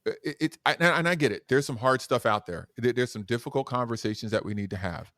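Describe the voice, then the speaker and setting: A man who is a guest educator and speaker on a podcast interview, talking in an animated, demonstrative way that swings between loud and soft. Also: mid-range voice, quick pace, no room sound, clean studio sound.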